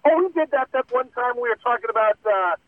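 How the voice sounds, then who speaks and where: A man's voice: very high-pitched, expressive, fast, no room sound. A man calling in as a guest, chatting casually in a rambling, self-mocking way with lots of fillers. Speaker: radio host guest. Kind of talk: casual chat. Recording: tinny phone line.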